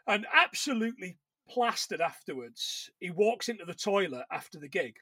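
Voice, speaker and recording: A man with a high, bright voice tells stories in loose, rambling podcast chat. He often breaks off and restarts his sentences. The sound is dry and close, with no room around it. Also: sing-song, normal speed, slightly rough, no room sound. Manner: chatty storyteller, rambling with restarts and laughs. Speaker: podcast co-host. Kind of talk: casual chat about films.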